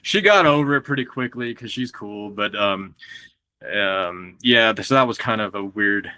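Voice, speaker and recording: A man from Texas, a guest on a podcast, telling stories in a lively, casual way, often laughing and acting out what others said. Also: on the low side, normal speed, smooth. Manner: animated, acts out quotes of others, laughs often. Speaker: guest grower and breeder.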